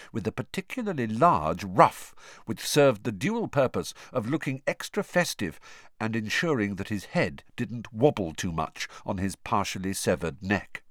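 A man reading a storybook aloud in an expressive, measured way. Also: fairly low pitch, no echo, clean studio sound. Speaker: audiobook narrator. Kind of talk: storybook narration.

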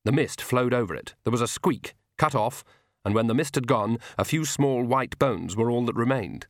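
Brief: male audiobook narrator, steady measured delivery, dry studio sound. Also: mid-range voice, no echo. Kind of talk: scripted narration.

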